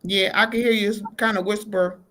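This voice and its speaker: A woman's voice: medium pitch, steady tone, fairly quick, fairly bright tone. A woman hosting a faith-based talk show, greeting her guests and affirming them with an "amen.".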